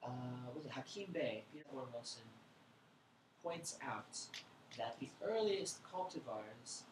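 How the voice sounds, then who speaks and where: A man's voice: mid-range voice, animated, unhurried. A man giving a casual, irreverent lecture in a bookstore, thinking aloud and rambling between points. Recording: echoey room with background noise.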